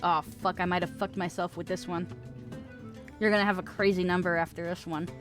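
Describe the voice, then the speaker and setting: A woman's voice: on the low side, level tone, fairly quick, a bit bright, faint music behind. A woman in her twenties streaming a game, chatting casually and swearing with her viewers. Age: 20s. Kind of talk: casual gaming stream chat.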